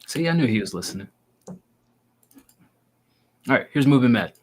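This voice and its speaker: A man's voice: medium pitch, animated, moderate pace, a little hiss or hum. A man hosting a casual music review show, giving blunt, crude, teasing critiques. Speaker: host reviewing listener songs.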